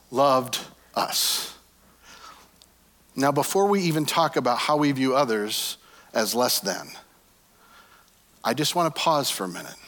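A middle-aged male pastor giving a sermon and praying over his congregation, earnest, rising to emphatic points and then dropping to hushed, soft phrases. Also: fairly high pitch, big-room sound. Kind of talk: sermon with prayer.

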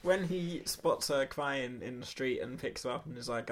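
A man's voice: mid-range voice, normal speed. A man co-hosting a podcast, casually recapping a film's plot and laughing often. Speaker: podcast co-host. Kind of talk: casual film chat.

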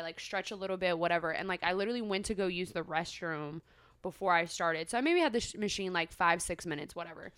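A woman's voice: mid-range voice, smooth, no echo. A young woman co-hosting a podcast, telling a story in casual chat with lots of filler words. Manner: animated storytelling, many "like" fillers. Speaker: podcast co-host.

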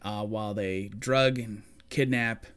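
This podcast co-host speaks in a lowish, clear, resonant voice at a slightly slow pace. In casual chat, he recaps a film's plot with animated flair, acting out the quoted lines himself.

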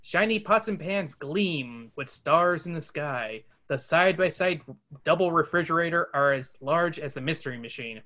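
A podcast host reading a storybook aloud between jokes with friends. The voice swings around with lively pitch. The delivery stays casual and playful. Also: moderate pace. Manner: lively, laughing narration. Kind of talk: casual book reading with chat.

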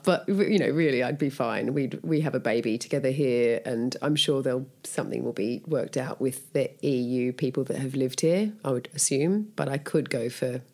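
A woman's voice: very deep voice, darkish tone. An Australian actress in her thirties, chatting upbeat in an interview and laughing often. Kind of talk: casual interview chat.

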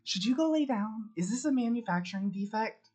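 Chatty, laughing tabletop player; mid-pitched, casual. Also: lively intonation, brisk, a little mellow, slightly rough. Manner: giggly, narrates actions and asks rules questions.

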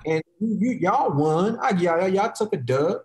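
A man's voice: high-pitched, animated, measured pace, a little mellow, roomy sound. A man in heated, profane podcast talk, mocking others in quoted voices.

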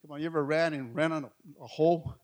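A middle-aged male pastor, telling a story in a sermon, swinging between hushed and loud. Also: on the high side, fairly even intonation, quick pace.

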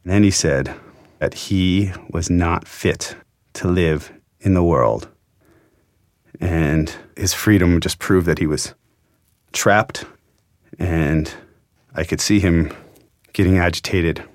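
A man's voice: low voice, slow, pauses often, no room sound, studio quality. A man, a journalist, earnestly retelling an emotional story in a reflective interview.

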